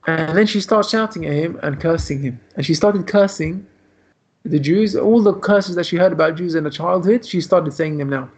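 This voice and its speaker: A man's voice: on the high side, normal speed, breathy edge. A man, a rabbi, teaching a lesson by telling a story in a loose, run-on way over a video call. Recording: dull lo-fi video call audio.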